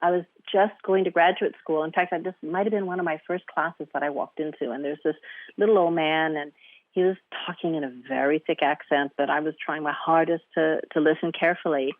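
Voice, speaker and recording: A woman's voice: low-pitched, steady tone, brisk, no echo. A woman from Guam, a therapist, telling a story in an interview, acting out quoted voices and laughing often. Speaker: guest, eating disorder therapist. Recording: tinny phone-line sound, dry.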